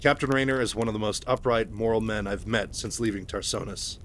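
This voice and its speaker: A man reading the lines of an earnest male reporter, higher and louder than his own voice. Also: fairly quick, a little hiss or hum, natural voice.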